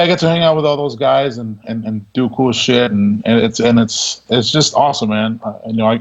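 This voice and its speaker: A man, a guest on a podcast, telling stories in a laid-back, casual way and laughing as he goes. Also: mid-range voice. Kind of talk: casual storytelling. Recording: dull lo-fi audio.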